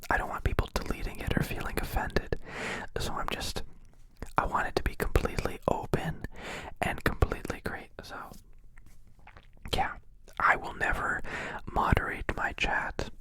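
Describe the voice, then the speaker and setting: A young man chatting in a soft whisper on an ASMR live stream, rambling and joking as he answers viewers' questions. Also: normal speed, pauses often. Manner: rambling, jokey, confessional.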